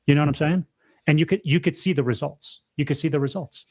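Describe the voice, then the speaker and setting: A man's voice: on the high side, quick pace, darkish tone. Emphatic young man on a podcast. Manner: emphatic, repeats himself, says dude and bro. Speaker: podcast co-host. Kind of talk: casual chat.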